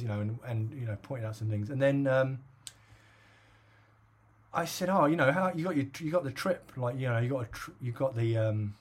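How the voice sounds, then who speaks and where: A man's voice: mid-range voice, lively intonation, fairly quick. A middle-aged man from England telling a long story in casual podcast chat, with lots of fillers and laughs. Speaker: podcast co-host.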